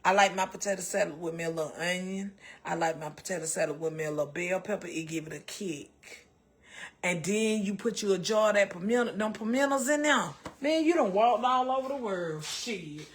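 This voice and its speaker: A woman's voice: mid-range voice, fairly quick. A Southern American woman hosting a casual cooking livestream, chatting folksily with her viewers and calling them baby and child.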